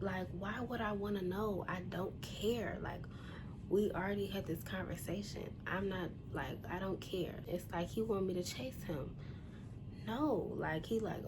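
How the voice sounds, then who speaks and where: Speaking at normal speed in a mid-range voice, a young woman vlogger delivers a storytime that's blunt, exasperated and full of slang. Faint noise sits in the background.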